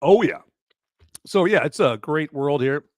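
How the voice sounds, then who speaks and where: A man hosting a live podcast, talking in a hoarse voice in a rambling, jokey way. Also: on the high side, lively intonation, measured pace. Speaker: podcast host. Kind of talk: live casual chat.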